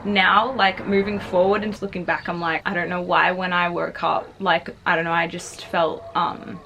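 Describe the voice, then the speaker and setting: A woman's voice: fairly low pitch, level tone, moderate pace, creaky, sharp tone, slight background noise. A young adult woman vlogger casually telling a personal story, chatty and full of fillers. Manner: chatty, filler-heavy, frequently says "like".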